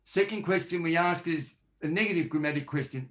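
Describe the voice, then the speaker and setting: A man's voice: a little high, brisk, a bit bright. A man speaking as a forensic linguist in a podcast interview, explaining point by point and acting out example questions. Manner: explanatory, lists examples and acts out sample questions.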